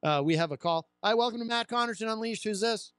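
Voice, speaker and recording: A man's voice: high voice, quick pace, a bit bright, clean tone, no room sound, studio quality. A man hosting a call-in radio show, taking prank calls with bemused, repeated questions. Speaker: radio talk show host. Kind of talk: talk radio call screening.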